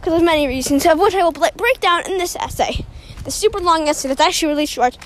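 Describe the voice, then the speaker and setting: A young host with a high voice talks while walking outdoors. She rambles in a silly, self-mocking way and is a little out of breath, with faint noise behind her. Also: fast talker. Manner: silly, self-mocking, jumps between topics. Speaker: podcast host. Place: outdoors on a walk near a road.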